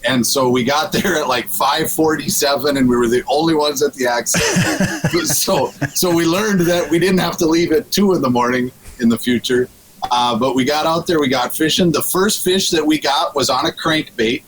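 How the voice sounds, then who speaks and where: A man's voice: a little high, normal speed, low-quality recording. A man guesting on a radio show, telling a fishing story in casual chat, with frequent restarts and laughs. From Minnesota.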